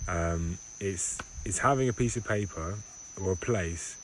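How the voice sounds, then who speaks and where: A man hosting a solo podcast, talking in a rambling, halting monologue and often correcting himself. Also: sits low, rough recording. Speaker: podcast host. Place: home in Barbados. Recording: home recording with clear background noise.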